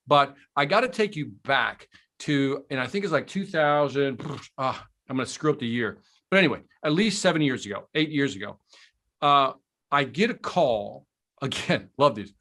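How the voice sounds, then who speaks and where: A man telling a story as a guest on a podcast, animated and enthusiastic, in casual conversation. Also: medium pitch, moderate pace. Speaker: podcast guest, sales trainer.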